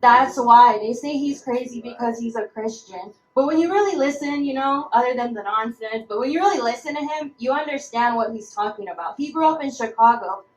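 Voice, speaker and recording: A young woman tells a personal story at a roundtable, slightly high-pitched and animated, acting out quoted voices. Her voice rings in an echoey room. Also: a little fast, hardly any pauses. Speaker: roundtable speaker.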